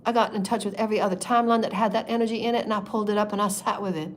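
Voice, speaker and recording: A woman leading a spiritual meditation in a sermon style, impassioned and repetitive, moving between soft murmurs and loud declarations. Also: medium pitch, steady tone, racing. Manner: repetitive, chant-like phrasing. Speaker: spiritual channeler.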